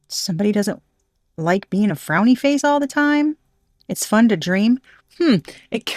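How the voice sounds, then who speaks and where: A woman's voice: mid-range voice, a little mellow, no echo. A woman doing a tarot reading who rambles as she thinks aloud, stopping and restarting her sentences. She sounds playful and chatty, with a mid-range voice and a dry, close sound. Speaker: tarot reader.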